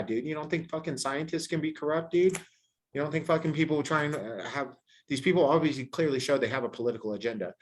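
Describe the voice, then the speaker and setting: A man hosting a podcast in casual chat, ranting with heavy swearing and animated emphasis. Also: on the high side, quick pace. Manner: heavily profane, ranting and animated. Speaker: podcast host.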